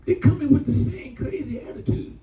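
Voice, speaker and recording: Brisk and animated, this pastor preaches in a high voice with vocal fry, telling stories in a colloquial way and calling out to his congregation. The sound is distant and echoey, as if recorded from across the room.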